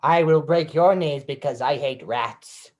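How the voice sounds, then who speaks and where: A man's voice: on the high side, measured pace, a little mellow, close to an everyday voice. A man improvising a brash, defiant stranger with boastful comebacks. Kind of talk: improv comedy.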